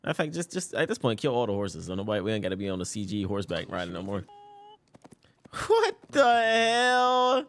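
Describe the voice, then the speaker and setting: A man hosting an anime reaction, commentating excitedly in heavy slang with loud exclamations. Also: lowish voice, brisk, slight background noise.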